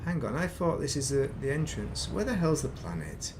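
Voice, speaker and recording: A man's voice: on the high side, expressive, normal speed, background noise. A British man streaming a game, giving casual commentary and muttering and swearing at it as he plays.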